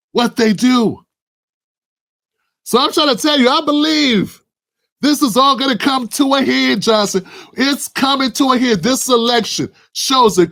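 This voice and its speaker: A man with a high, fairly bright voice delivers impassioned political commentary, preaching and firing rhetorical questions at his co-host, whom he addresses by name.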